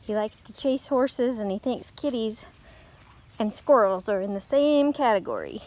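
A woman volunteering at an animal rescue, talking to an adoptable dog in high sing-song baby talk. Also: very animated, a little slow, darkish tone. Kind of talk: cooing at a dog in a rescue video.

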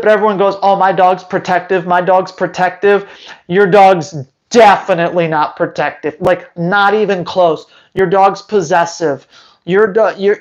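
A man's voice: high voice, highs cut off. A man who hosts a dog training channel, answering viewer questions live in a blunt, teasing way full of rhetorical questions.

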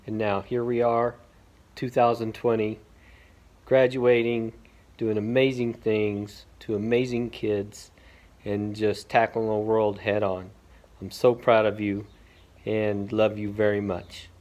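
A man, a parent, recording a heartfelt congratulation message in a steady voice. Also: on the low side, slow pace.

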